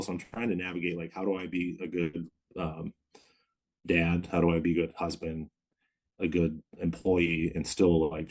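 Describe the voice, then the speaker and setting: Deep flat-voiced man, husky. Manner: reflective, measured, many pauses and hedges. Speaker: podcast guest, pharmacist in recovery. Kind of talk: candid interview storytelling.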